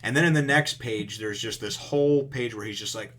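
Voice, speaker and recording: A man's voice: medium pitch, fairly quick, few pauses, a bit bright. A man casually recapping and reviewing a comic chapter, rambling with lots of fillers and the odd swear word. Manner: rambling, heavy on fillers like "you know", emphatic and casually profane.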